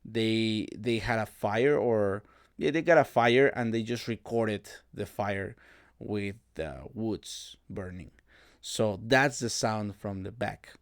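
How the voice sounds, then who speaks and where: Guy with a lowish clear voice, explaining synth pads, lots of uhs, dry close mic. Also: dry recording. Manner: relaxed, halting, many fillers and restarts. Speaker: music producer tutorial host. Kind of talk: casual screen-recorded production walkthrough.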